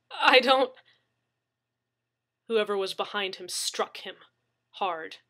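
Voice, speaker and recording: A woman's voice: medium pitch, fairly bright tone. A woman reading a science fiction story aloud as its narrator. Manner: slow, dramatic narration. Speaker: reader.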